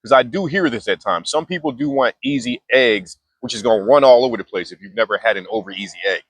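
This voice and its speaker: Young male vlogger, mid-pitched, casual and slangy, full of restarts, dry close mic. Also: quick pace, fairly bright tone, slightly rough, no room sound. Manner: laid-back slangy talk with many restarts. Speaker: mindfulness vlogger. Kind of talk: casual storytelling monologue.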